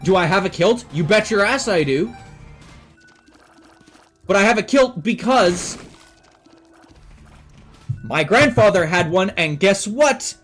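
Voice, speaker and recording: A man's voice: sits high, animated, slow pace, long pauses, fairly bright tone, soft background music. A man from Canada streaming and chatting casually with his viewers, blunt and emphatic with plenty of swearing.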